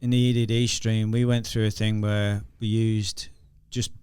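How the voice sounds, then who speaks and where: A man's voice: fairly low pitch, little pitch movement, moderate pace, a little mellow, clear, resonant tone, dry recording. A middle-aged man from England with a Northern English accent, telling anecdotes in a casual podcast interview, laughing and restarting as he goes. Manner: chatty, laughs through anecdotes, lots of restarts. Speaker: guest, former explosive detection dog handler.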